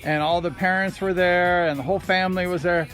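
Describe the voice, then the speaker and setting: Speaking a little fast in a high, fairly level voice, this man shares amused tales from his days racing motorcycles. He's outdoors at the low-tide shoreline with his dog, filming a casual vlog that has music running underneath. His manner is chatty and pokes fun at himself.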